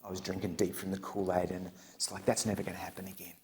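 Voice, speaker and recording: Animated man preaching a story. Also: deep voice, fast. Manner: animated storyteller, laughs at his own jokes, drops to whispers. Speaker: preacher at church camp. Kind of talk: storytelling sermon. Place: church camp meeting hall.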